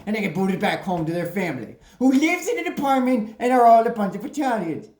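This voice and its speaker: A woman doing a comic hobo persona who excitedly and crudely recaps a movie plot, tacking "mama" onto her lines. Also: fairly high pitch, a little fast. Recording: roomy echo.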